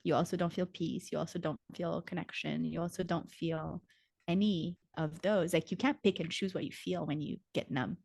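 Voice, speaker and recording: Woman guest, somatic coach type; calm, teaching delivery, casual fillers, dry close sound. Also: fairly low pitch, moderate pace, vocal fry, husky, dry recording. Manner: calm, teaching, uses "like" often. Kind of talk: casual explanatory interview talk.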